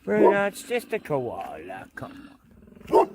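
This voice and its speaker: A man's voice: a little high, animated, takes it slowly, heavy background noise. A man with an Australian accent chatting casually and coaxingly to koalas and a dog while filming outdoors. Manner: coaxing, talks softly to animals as to a mate. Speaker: vlogger. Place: outdoors in rural bushland.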